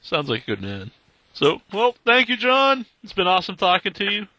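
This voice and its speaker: A man's voice: high-pitched, wildly swooping pitch, normal speed, sharp tone, no echo, lo-fi sound. A man hosting a podcast, giving short, friendly replies and thanking his guest. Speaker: podcast host. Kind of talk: casual interview chat.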